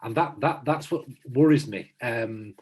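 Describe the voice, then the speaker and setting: Husky, earnest man. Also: medium pitch, measured pace, a little mellow. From south Manchester, England. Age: 50s. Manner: earnest, reflective, hesitant. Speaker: podcast co-host. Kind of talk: casual chat among friends.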